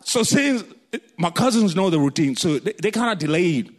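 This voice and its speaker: Man, preacher, high voice, very lively pitch, comic storytelling sermon. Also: moderate pace. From Kenya. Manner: animated, jokey storytelling, laughs often. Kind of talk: sermon with comic personal stories.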